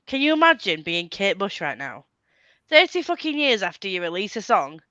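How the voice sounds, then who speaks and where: A woman hosting a casual reading livestream, giggly and excitable, who swears freely and talks over a video call. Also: mid-range voice, moderate pace, no room sound, lo-fi sound. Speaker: livestream host.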